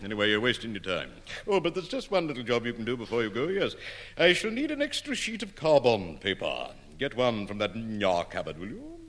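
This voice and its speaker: A man's voice: mid-range voice, huge pitch swings, a bit bright, in a large hall. A man playing a pompous, weary schoolteacher in a radio sitcom, humming and hesitating between words. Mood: fussy. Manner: pompous, hesitant, fills pauses with hums. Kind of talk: 1950s radio sitcom acting.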